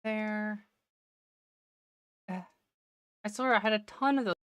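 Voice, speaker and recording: A woman's voice: medium pitch, takes it slowly, clear, resonant tone, no echo. A woman streamer giving casual gameplay commentary, talking to herself and laughing often, her voice slightly worn. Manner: chatty self-talk, laughs often.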